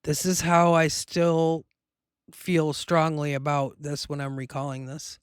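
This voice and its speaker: A woman's voice: sits low, little pitch movement, a little slow, clean tone, no room sound, studio quality. A woman hosting her own show, telling a personal story in a rambling, emotional way with many fillers. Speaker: host.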